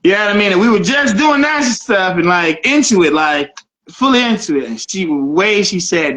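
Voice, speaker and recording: A man's voice: high-pitched, expressive, moderate pace, fairly bright tone. A man co-hosting a casual chat, telling frank personal stories and laughing often. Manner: laughs often, candid storytelling. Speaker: podcast co-host.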